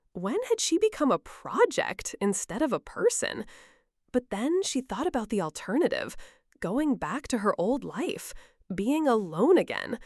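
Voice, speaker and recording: A woman reading a scripted story in an expressive, measured storytelling voice. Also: medium pitch, no echo, studio quality. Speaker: narrator. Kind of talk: scripted narration.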